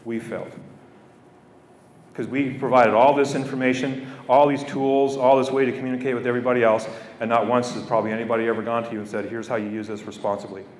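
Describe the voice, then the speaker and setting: In a school hall or gym, a fast-talking middle-aged Canadian man delivers a heartfelt speech to students, his mid-range voice flat as he repeats phrases to drive points home. He is heard from a distance amid echo.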